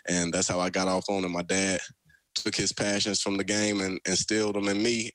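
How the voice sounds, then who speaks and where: A man's voice: fairly low pitch, no room sound. A young man with a Southern American accent, a pro football player telling stories as a guest in a casual radio interview. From Alabama, USA. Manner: animated storyteller, folksy.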